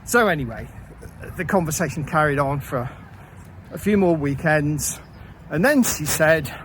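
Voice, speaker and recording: A man's voice: a little high, expressive, a bit bright, slight background noise, poor audio. Wry man telling his own story. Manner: wry, self-deprecating, with frequent pauses and fillers. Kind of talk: casual first-person storytelling.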